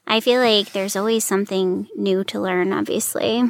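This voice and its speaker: A woman's voice: mid-range voice, steady tone, normal speed, no room sound. A woman hosting an interview, asking friendly, curious questions in casual chat. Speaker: interview host.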